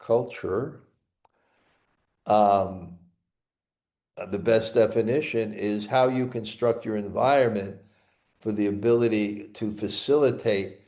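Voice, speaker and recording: Slow, halting Brooklyn man teaching. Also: lowish voice, darkish tone. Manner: halting, repeats words and restarts often. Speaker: spiritual teacher. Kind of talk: scripture class talk.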